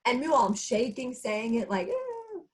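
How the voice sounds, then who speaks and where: A woman's voice: on the high side, normal speed, poor audio. A woman in her thirties, co-hosting a casual talk show and telling a personal story, acting out what people said. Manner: chatty storyteller, acts out quotes. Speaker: co-host.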